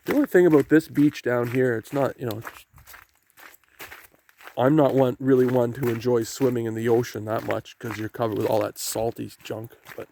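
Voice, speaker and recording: A gravelly, dark, mid-range male voice keeps a steady tone and moderate pace as this Canadian vlogger hikes downhill through rainy forest toward the ocean. He talks casually and meanderingly to his camera about what he passes, with faint outdoor sounds of rain and waves.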